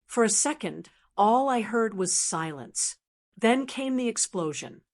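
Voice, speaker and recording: A woman in her sixties telling a first-person story in a steady, measured scripted narration. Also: on the high side. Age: 60s.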